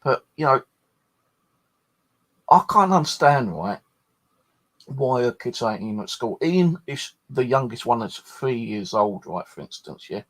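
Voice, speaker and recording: A man hosts a paranormal channel in a loose, late-night chat. His voice is gravelly and somewhat husky at a middling pitch, and he rambles from one complaint to the next, swearing freely. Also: animated, moderate pace.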